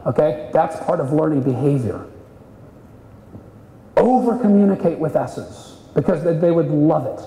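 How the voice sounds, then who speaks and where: Animated man coaching a seminar room. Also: on the high side, normal speed. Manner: animated, acts out client voices. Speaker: sales coach. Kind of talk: live seminar talk. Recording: echoey hall, voice from a distance.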